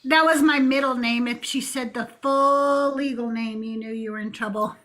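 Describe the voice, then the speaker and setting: A woman's voice: on the high side, fairly even intonation, a bit bright. A woman hosting a casual chat, chatty, laughing often. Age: older. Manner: laughs a lot, slow and chatty. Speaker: host.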